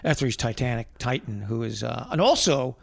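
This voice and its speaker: A man's voice: medium pitch, animated, moderate pace, gravelly, no echo. A man co-hosting a casual podcast chat, rambling and often trailing off while he hunts for names. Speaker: podcast co-host.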